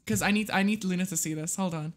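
A live streamer playing a game, talking casually with viewers, excitable and swearing freely. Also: mid-range voice, fast talker, slight background noise.

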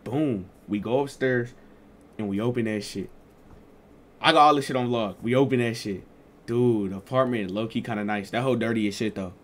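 A man's voice: mid-range voice, moderate pace. A young man casually telling a storytime vlog in loose, slangy talk with lots of fillers. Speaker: streamer and vlogger.

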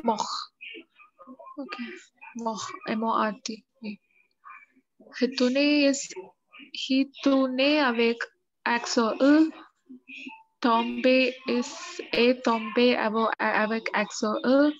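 A woman's voice: fairly high pitch, fairly even intonation, takes it slowly, long pauses. A woman practicing French verbs in a lesson, hesitant and searching for words. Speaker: French student. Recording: dull lo-fi sound.

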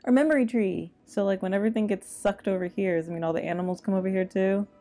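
A woman's voice: mid-range voice, fairly even intonation, fast, mellow. A woman co-hosting a reaction video, chatting casually and cracking jokes as she watches. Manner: joking, wisecracking commentary.

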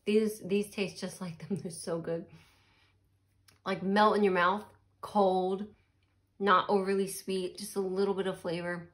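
Slow-talking woman tasting snacks. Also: medium pitch, little pitch movement. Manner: chatty, savoring, often laughing and murmuring while eating. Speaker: snack reviewer. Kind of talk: casual snack tasting vlog.

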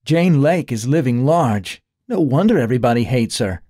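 A man's voice: mid-range voice, lively intonation, normal speed, mellow, dry recording, clean studio sound, pitched above the performer's own voice, natural voice. A man voicing a sassy young woman detective partner with a teasing, bubbly manner. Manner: teasing, effervescent.

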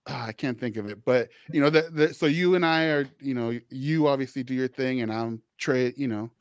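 A social worker hosts a podcast, speaking briskly in a clean, medium-pitched voice during a relaxed talk with his guest. He frequently restarts and drops "you know," and the studio recording sounds dry.

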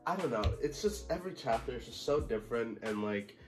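A man's voice: mid-range voice, expressive, a little fast, over music. A man reacting to a manga chapter in casual commentary, exclaiming and swearing and calling the listener bro. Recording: echoey room.

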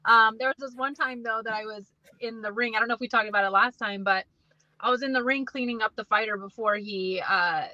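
A woman's voice: on the high side, pushed and bright, no echo, muffled recording. A woman guest on a podcast, chatting casually and laughing often. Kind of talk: casual chat.

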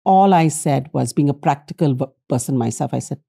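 Low gravelly woman storyteller. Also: a little fast. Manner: animated, acts out quoted dialogue. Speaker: academic guest. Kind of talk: personal storytelling in an interview.

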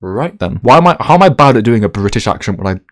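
Young male reaction host, jokey and crude, very animated pitch. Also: rapid-fire. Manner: joking, swearing, laughing asides. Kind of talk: casual reaction commentary.

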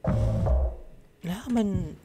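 A man's voice: high voice, wildly swooping pitch, drawn-out words, over music. A man doing let's play commentary, exclaiming and swearing at what happens on screen. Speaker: gaming YouTuber.

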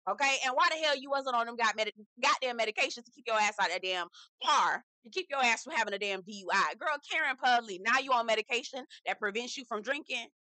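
Sassy, bright-voiced woman dishing gossip. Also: on the high side, fast talker, hardly any pauses, dry recording. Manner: sassy, profane, chatty with lots of "girl" asides. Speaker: reality TV recap host. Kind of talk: casual gossipy commentary.

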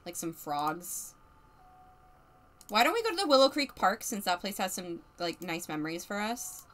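A woman's voice: medium pitch, very animated, normal speed, a bit bright. A woman streamer giving chatty, casual commentary as she plays a life-simulation game, narrating what the characters feel and laughing often.

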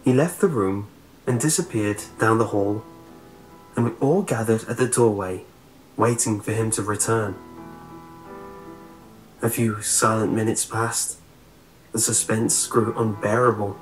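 Low-voiced man narrating a horror story. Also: reverberant, low-quality recording.

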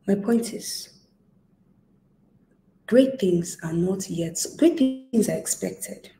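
A woman's voice: lowish voice, creaky, mellow, slight background noise. A woman giving an emphatic motivational talk as a leadership coach. She builds her points in lists and repetitions and puts questions straight to the listener. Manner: speaks directly to the listener with questions. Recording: echoey room.

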